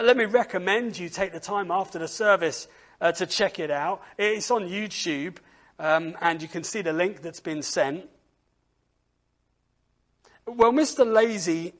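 A man leading a church service, telling a story in an expressive read-aloud way, often pausing with "uh". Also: sits high. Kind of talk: storytelling children's talk.

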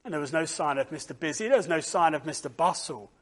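A man leading a church service, telling a story in an expressive read-aloud way, often pausing with "uh". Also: a little high. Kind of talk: storytelling children's talk.

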